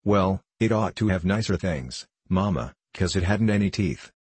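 A man reading an audiobook, voicing a small earnest girl with slow, childlike questions. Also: low voice, animated, a little mellow, breathy edge, dry recording.

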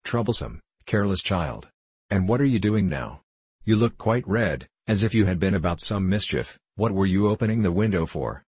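A man's voice: low-pitched, animated, darkish tone, slightly rough, no room sound. A man reading a scolding impatient nursemaid. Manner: scolding, hurried.

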